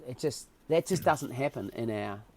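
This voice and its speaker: A man with a New Zealand accent speaks as a podcast guest. He tells his stories in a loose, conversational way with a lot of feeling, and his voice sits at an ordinary middle pitch. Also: normal speed, slight background noise. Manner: emotional, animated storyteller. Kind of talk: casual interview storytelling.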